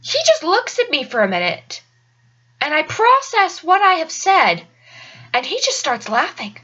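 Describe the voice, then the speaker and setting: A woman's voice: very high voice, sing-song, measured pace, sharp tone, muffled recording. A young woman telling a casual personal story in a chatty, rambling way with lots of fillers. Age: young adult. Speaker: college student storyteller.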